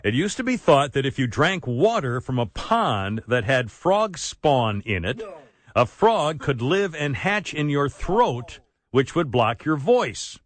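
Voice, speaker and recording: A man's voice: mid-range voice, big pitch swings, slow, no echo. A man hosting a talk radio show, wisecracking and laughing at his own jokes, with a frog in his throat. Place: radio studio. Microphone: studio microphone.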